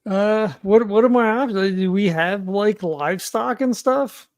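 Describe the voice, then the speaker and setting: Guy at the table, highish voice, lots of likes and ums. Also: unhurried. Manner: hesitant, many fillers. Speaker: player. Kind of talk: casual tabletop play.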